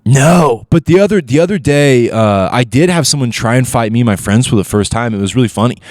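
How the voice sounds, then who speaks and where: A man tells comic stories in a loose, profane, animated way, his pitch swinging widely as he acts out the people in them. The sound is dry and close, with no room around it. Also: a little fast, dry recording. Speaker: guest comedian. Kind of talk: casual comedic storytelling.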